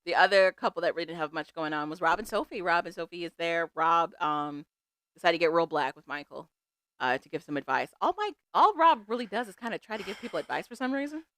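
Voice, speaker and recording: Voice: mid-range voice, expressive, fast, a bit bright, dry recording. A podcast co-host recapping a show in casual chat, analytical and amused. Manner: analytical, amused, laughs often.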